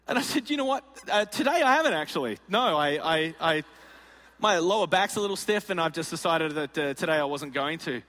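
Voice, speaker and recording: Bright, high preacher in a hall. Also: male voice, animated, a little fast. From Australia. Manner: playful storyteller acting out voices. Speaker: pastor. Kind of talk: sermon with comic storytelling. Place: large auditorium.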